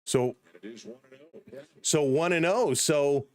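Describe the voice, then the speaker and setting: A man with a Canadian accent calling a baseball game live as a stream host, chatting with viewers between pitches. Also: animated, a little slow, a bit bright. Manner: chatty, reads viewer chat and laughs often. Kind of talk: casual play-by-play commentary.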